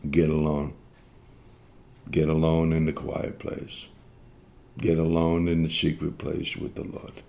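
Male preacher, low and gravelly, mellow tone, earnest exhorting sermon delivery. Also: completely flat delivery, takes it slowly, long pauses. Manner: earnest, exhorting, repeats phrases.

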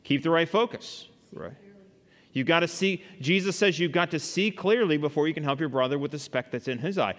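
A man's voice: a little high, a little fast, fairly bright tone. Man teaching a church class in a hall. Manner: conversational, asks the class questions, many fillers. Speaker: Bible study teacher.

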